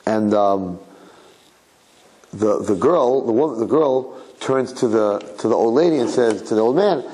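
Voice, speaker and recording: A rabbi telling a religious story to listeners in a conversational way, asking rhetorical questions and repeating phrases. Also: male voice, fairly low pitch, lively intonation, a little slow, dark tone, poor audio. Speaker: rabbi giving a Torah talk.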